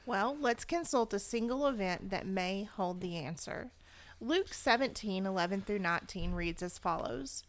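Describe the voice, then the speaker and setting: A woman co-hosting a Bible discussion, reading scripture aloud in a steady, clear way and commenting on it. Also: medium pitch, normal speed.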